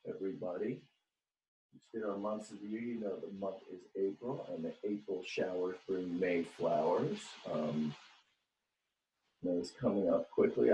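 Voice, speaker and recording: Deep slow-talking teacher guy leading chants, bouncy singsong, roomy echo. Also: a little mellow, dull audio, a little hiss or hum. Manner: cheerful, sing-song counting and chanting. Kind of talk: online class morning meeting. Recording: echoey room.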